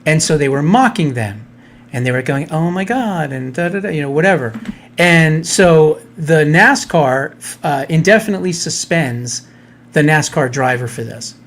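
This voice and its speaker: A man's voice: fairly high pitch, normal speed, fairly bright tone. A man hosting a live talk radio show, ranting bluntly in casual political talk.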